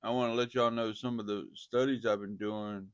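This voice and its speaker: A man who preaches casually to his viewers, animated and repeating himself as he talks straight at them. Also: lowish voice, moderate pace, slight background noise. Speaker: online preacher.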